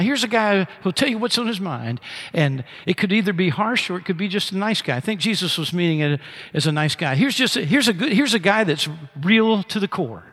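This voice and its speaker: A man's voice: on the high side, fairly bright tone. A pastor preaching a sermon, acting out the scripture dialogue with big swings in his voice.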